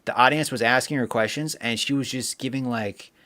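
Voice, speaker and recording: A man's voice: mid-range voice, a little fast, pushed and bright. A man hosting a live stream, chatting casually and reading viewer comments aloud with lots of fillers. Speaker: livestream host.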